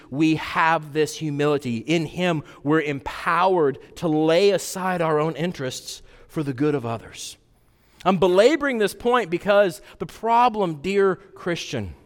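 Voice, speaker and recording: A man preaching a sermon, earnest, swinging from loud emphasis to hushed intensity. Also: on the high side, in a large hall. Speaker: pastor.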